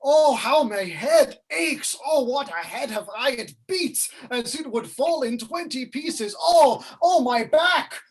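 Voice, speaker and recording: A woman doing a husky, groaning old nurse. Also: fairly high pitch, expressive, unhurried, a bit bright, heavily acted. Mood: complaining. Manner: moaning, dawdling, complaining of aches. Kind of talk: amateur stage reading of a classic play.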